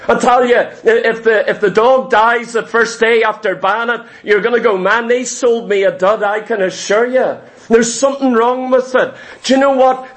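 Male preacher, strikingly high pitch, emphatic sermon delivery that drives points home by repetition. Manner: emphatic, rhetorical questions and repeated phrases. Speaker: pastor.

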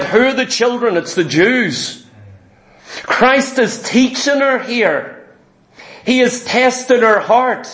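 A man's voice: very high voice, lively intonation, slow pace, a bit bright, roomy sound. A man preaching a sermon, emphatic and vivid, repeating his key points and telling stories.

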